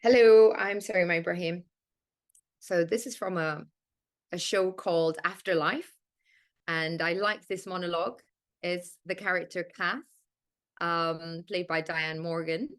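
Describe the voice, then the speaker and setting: A woman's voice: on the low side, fairly even intonation, measured pace, no room sound, studio quality. A woman from Malaysia, a guest actress, speaking emphatically and encouragingly in a remote interview. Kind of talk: casual interview talk. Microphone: remote recording.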